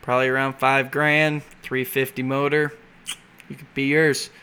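A man telling a story in a relaxed way in a casual podcast chat, quoting both sides of a phone call. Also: medium pitch, moderate pace, clear, resonant tone. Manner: relaxed storyteller, quotes others in dialogue.

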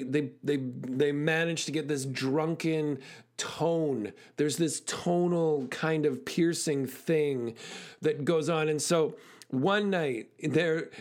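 A man with a slightly raised voice gives a motivational talk. He tells stories animatedly, rushing through phrases with frequent fillers and restarts. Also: on the high side. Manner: animated storyteller, fast bursts, frequent fillers. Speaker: speaker.

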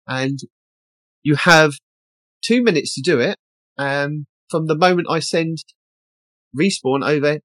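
A chatty host reads out game tasks with a playful lilt. The voice sits in a middle pitch and sounds close and dry, with no room around it. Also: a little slow, pauses often, fairly bright tone, no room sound. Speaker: podcast host reading out tasks. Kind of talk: casual chat.

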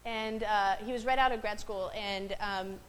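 A woman pastor preaches in a relaxed, conversational way to a congregation. She pauses on "um", checks in with the room, and keeps her voice at an ordinary middle pitch. A faint hum of ambience sits under her. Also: rough recording. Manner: chatty, asks the room questions, frequent "right?" and "um". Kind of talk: conversational sermon. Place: worship space before a congregation.

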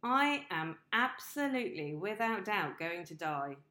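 A woman's voice: mid-range voice, sing-song, measured pace, sharp tone. A woman host and coach talking in a casual monologue, blunt and emphatic, swearing freely. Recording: roomy echo.

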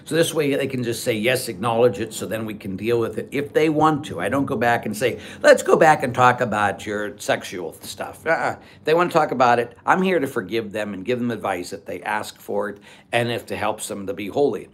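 A man's voice: mid-range voice, fairly quick. A man who is a Catholic priest, answering viewers' chat questions on a casual livestream in a chatty, rambling, blunt and joking way. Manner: chatty, rambling, with frequent fillers.

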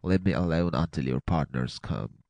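A man puts on a badly wounded middle-aged man for a storybook reading, pushing out faint, labored words. The voice is deep and gravelly, recorded dry and close. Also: normal speed, a little mellow, dry recording.

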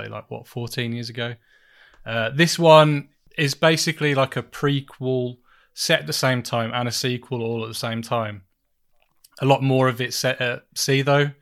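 A man's voice: mid-range voice, normal speed, a bit bright. A man hosting a casual film chat, rambling and self-mocking with frequent laughs. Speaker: podcast host reviewing films.

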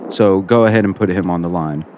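A man hosting a comedy radio call-in show, relaxed and dry as he moderates. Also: low voice, brisk, a little hiss or hum.

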